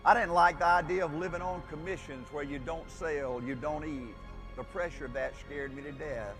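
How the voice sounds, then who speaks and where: An older man with a drawl delivers a motivational speech in a somewhat high voice. He talks folksy and emphatic, swelling to near-shouts. Soft music plays underneath. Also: fairly even intonation, moderate pace. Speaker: motivational speaker.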